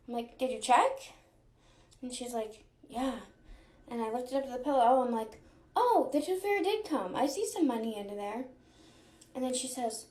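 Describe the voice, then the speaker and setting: A young woman, a mother, casually telling a family story and acting out the quoted lines in lively voices. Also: a little high. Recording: echoey room.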